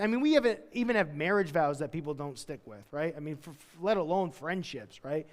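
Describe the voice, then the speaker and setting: A man delivers a sermon in a loose, conversational way, dropping slang and acting out the voices in his reading. His voice sits high for a man. The sound carries the long reverb of a church hall. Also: expressive, fast talker, few pauses. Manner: conversational, slangy preaching with acted-out quotes. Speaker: pastor.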